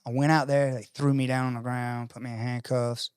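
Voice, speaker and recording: A man spins a long personal story in relaxed podcast talk. He acts out the people in it and curses freely. His mid-pitched voice sounds close and dry, with no room echo. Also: a little fast, smooth. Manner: animated storyteller acting out quoted voices, profane. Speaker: podcast guest. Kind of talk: casual storytelling conversation.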